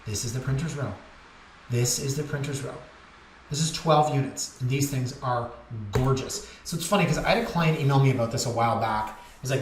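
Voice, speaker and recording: In a brisk, mid-range voice, a Canadian realtor chats candidly about the market while going through listings, often wandering off topic. The room is echoey, with faint noise in the background.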